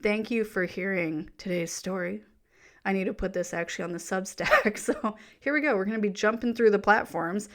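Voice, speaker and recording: A woman hosting a solo reflective podcast, talking gently and encouragingly straight to the listener, chatty, with fillers and self-corrections. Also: medium pitch. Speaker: podcast host.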